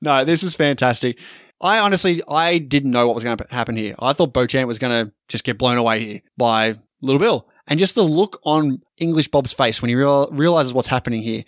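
A man's voice: medium pitch, brisk, no room sound, studio quality. A man co-hosting a podcast in casual film talk, eagerly acting out lines from the movie. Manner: enthusiastic, acts out film lines. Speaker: podcast co-host.

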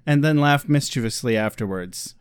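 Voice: mid-range voice, clear, resonant tone, dry recording, studio quality. A podcast co-host recapping a TV episode in casual, joking chat. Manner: joking, playful, quick to laugh.

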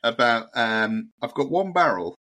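Male winemaker co-host, relaxed and rambling, bright voice. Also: mid-range voice, measured pace. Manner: easygoing, rambling, many ums. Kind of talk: casual banter.

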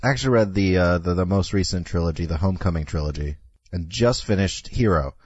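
Male podcast co-host, husky, animated, laughs easily, dull lo-fi mic. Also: sits low, no room sound. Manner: animated, laughing, halting restarts. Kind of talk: casual chat.

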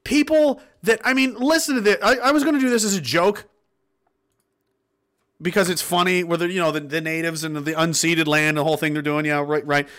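A man's voice: on the high side, steady tone, fairly quick, a bit bright. A man hosting a livestream, reading out chat comments and giving blunt, profane, rambling motivational talk. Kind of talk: casual motivational rant.

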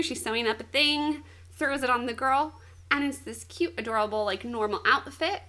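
Young woman with a high voice, chatty and giggly, recapping a story in casual talk. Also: moderate pace. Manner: animated storytelling, frequent "like", giggly. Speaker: co-host recapping an anime. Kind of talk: casual chat.

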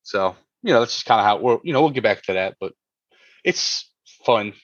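A man co-hosting a casual podcast, rambling and restarting his sentences. His voice sits on the low side. The sound is dry and a little dull and lo-fi. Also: expressive, normal speed, no room sound. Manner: rambling, full of fillers and restarts. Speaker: podcast co-host.

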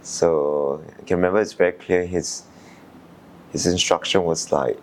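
A young man from Singapore, an Olympic sailor, calmly recalling his qualifying race in an interview, thoughtful with frequent fillers. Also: sits low, unhurried. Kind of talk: reflective interview answers.

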